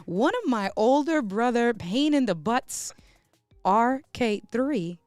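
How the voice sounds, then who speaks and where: A woman's voice: fairly high pitch, takes it slowly, no echo, soft background music. Chatty New woman hosting a stream. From New York. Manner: lively, chatty, addresses viewers as y'all. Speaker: host. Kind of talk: casual live stream chat.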